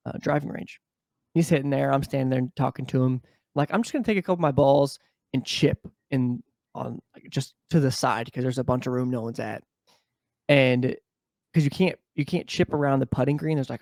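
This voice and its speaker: Gravelly-voiced young man swearing casually. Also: mid-range voice, fairly quick, no echo. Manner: profane, animated storyteller, mimics people. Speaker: podcast co-host. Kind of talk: casual chat.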